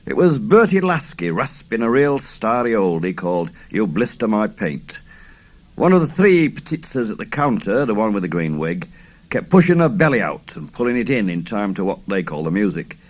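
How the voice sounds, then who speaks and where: A man's voice: fairly low pitch, sing-song, normal speed. A man in his fifties, an author reading his novel aloud in a theatrical, first-person style. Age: 50s. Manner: theatrical, swooping delivery.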